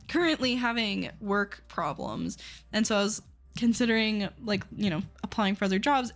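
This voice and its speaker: A young woman from Seattle chatting casually on a live stream, talking frankly and with exasperation, swearing often. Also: medium pitch. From Seattle, USA.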